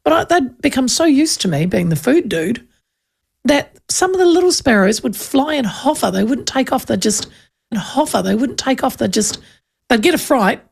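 Lively gravelly woman host chatting. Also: fairly high pitch, moderate pace. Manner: chatty, animated storytelling. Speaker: radio host. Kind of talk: casual chat.

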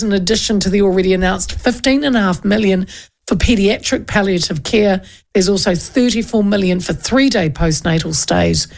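A New Zealand woman hosts talk radio in a mid-range voice marked by vocal fry. Her delivery is chatty and rambling, full of restarts, as she moves casually through the day's news.

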